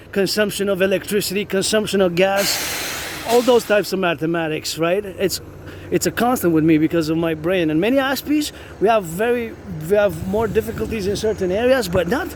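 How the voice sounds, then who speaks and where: A man vlogging while he walks city streets, rambling and repeating himself as he thinks aloud. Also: high voice. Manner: rambling, repetitive, thinks aloud, chants cadences. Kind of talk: rambling walking vlog. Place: city streets outdoors with traffic. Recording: street noise behind.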